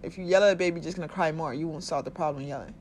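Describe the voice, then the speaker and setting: Her voice sits low and a bit mellow as she speaks in rapid-fire bursts, offering frank, foul-mouthed spiritual self-help tips. Laughing frequently, she performs small voices for the body and soul, with a slight hiss or hum in the background.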